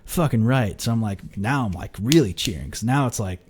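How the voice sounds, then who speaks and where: A man's voice: animated, fairly quick, a little mellow, a little hiss or hum. A young man hosting a podcast, telling a story in a rambling, filler-heavy way with restarts, casual swearing and laughter. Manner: laughs and jumps in pitch when acting out quoted exchanges. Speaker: podcast host.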